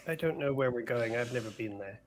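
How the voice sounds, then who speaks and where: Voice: medium pitch, a little fast, a little hiss or hum. A player in a tabletop game, hesitant and restarting mid-question. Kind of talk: casual tabletop play.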